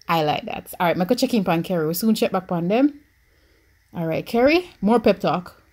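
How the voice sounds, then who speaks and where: A young woman with a Jamaican accent giving excitable, anxious commentary as she plays a life-sim game. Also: medium pitch, unhurried, pauses often. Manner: animated, swings from anxious murmurs to shrieks. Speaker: gaming YouTuber.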